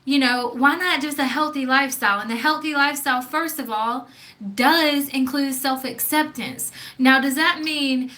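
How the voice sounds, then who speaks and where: A woman's voice: high-pitched, pushed and bright. A young woman with a Southern accent, talking bluntly and with plenty of profanity in a casual vlog, often asking "okay?". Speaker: vlogger.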